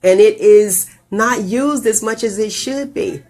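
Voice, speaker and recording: A woman hosting a casual live video show, telling stories with animated, jumpy delivery and big leaps in pitch on quoted lines. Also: a little slow. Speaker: host.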